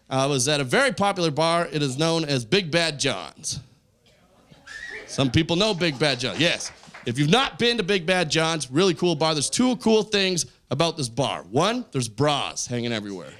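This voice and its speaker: A man doing stand-up storytelling on a comedy stage, acting out the voices in his stories loudly. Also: a little high, normal speed. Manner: animated, acts out quoted voices loudly. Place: comedy stage with a live audience. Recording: live club show, faint crowd noise.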